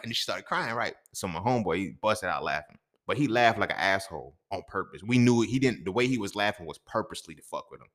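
A young adult man hosting a podcast, telling a story from his own life in a casual, profane, animated way with lots of slang. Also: on the low side. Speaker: podcast host.

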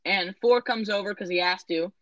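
A woman's voice: mid-range voice, normal speed, a bit bright, no echo, highs cut off. A woman in casual chat recapping a movie, rambling, correcting herself and tossing in sarcastic asides.

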